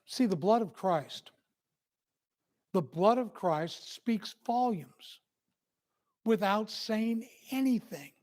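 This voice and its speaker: A man's voice: sits high, animated, slow pace, pauses often, a little mellow. A man preaching an earnest, emphatic sermon as a church minister.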